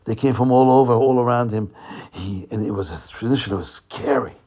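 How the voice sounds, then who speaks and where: A man telling a religious folk tale in an animated way, often repeating phrases for emphasis. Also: mid-range voice, a little fast, slightly rough. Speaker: storyteller.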